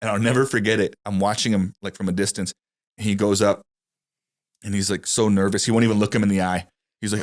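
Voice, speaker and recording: A man on a podcast, a former car salesman, telling animated anecdotes in casual chat. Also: on the low side, quick pace. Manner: animated anecdote teller, acts out customers.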